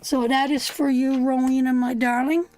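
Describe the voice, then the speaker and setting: Speaking at a moderate pace in a high, level voice with a darkish tone, this woman gives a live tarot reading. Earnest and emphatic but soothing, she keeps saying "sweetheart" to the listener and occasionally lets a swear word slip.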